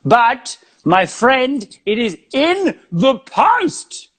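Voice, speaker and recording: A man's voice: extremely high pitch, sing-song, very slow, a bit bright, full character voice. A man doing a wry Australian felt puppet comedian. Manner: dry, self-deprecating banter with rambling asides. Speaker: guest comedian.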